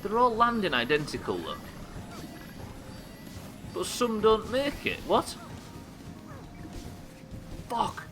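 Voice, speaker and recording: A man's voice: high-pitched, huge pitch swings, slow pace, long pauses, over music. A man streaming a game live, thinking aloud, puzzled and swearing as he works out a problem. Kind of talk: live gameplay commentary.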